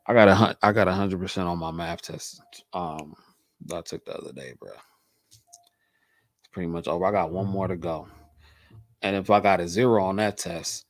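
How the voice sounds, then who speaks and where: A man from Michigan with a low-pitched voice chats casually with his stream audience. He is laid-back and circles back to his points over and over. The sound is dry and close, with no room around it. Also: no room sound. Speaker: host. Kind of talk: casual livestream chat answering viewers.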